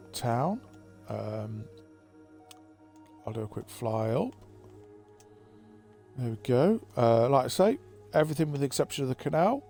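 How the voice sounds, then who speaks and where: A man giving a relaxed, rambling tour of his game map, thinking aloud with plenty of fillers. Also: medium pitch. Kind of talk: casual gameplay commentary. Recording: faint background music.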